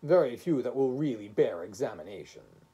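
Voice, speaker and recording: A man reading the part of a severe official judging a case in a storybook reading, with a husky voice. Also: medium pitch, animated, normal speed, mellow. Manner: severe, disapproving.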